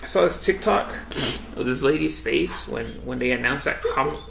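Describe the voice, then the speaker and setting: Gravelly, bright-voiced young man chatting. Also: mid-range voice, normal speed, roomy sound, a little hiss or hum. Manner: loose, profane, says "dude" a lot. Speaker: podcast co-host. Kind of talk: casual podcast banter.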